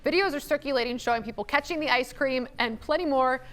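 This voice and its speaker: A woman's voice: high-pitched, fast talker, fairly bright tone. A woman co-hosting a talk show, teasing and playful in banter, reading segment copy. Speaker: co-host. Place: TV studio.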